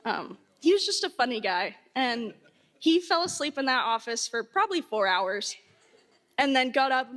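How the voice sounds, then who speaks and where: A woman with a high voice shares a comic story at a memorial service. She acts out the quoted lines and laughs along as she goes. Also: sing-song, moderate pace, a bit bright. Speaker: memorial speaker.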